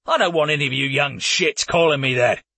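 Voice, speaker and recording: Male narrator doing a gruff old warrior, husky and grumbling, swears freely. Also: on the high side, fairly quick, sharp tone, no room sound, full character voice.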